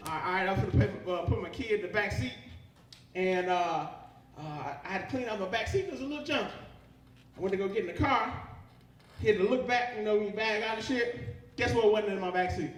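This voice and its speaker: A young man does live, rambling stand-up on a comedy club stage, working the crowd with plenty of profanity. His voice is high-pitched and sounds roomy and distant from the mic, with audience laughter behind him.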